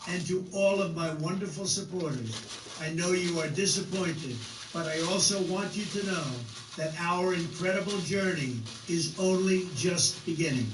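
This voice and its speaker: A man reads a formal address as president in a measured, scripted manner. His slightly high voice comes from a playback heard at a distance. It echoes through the room over faint background hiss. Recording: clip played back in echoey room.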